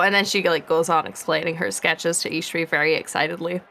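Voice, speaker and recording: A woman's voice: fairly low pitch, fairly even intonation, brisk, creaky, few pauses, sharp tone, slight background noise. A woman playing a tabletop role-playing game, talking eagerly and chattily as she describes her character's ideas. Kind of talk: casual in-character banter.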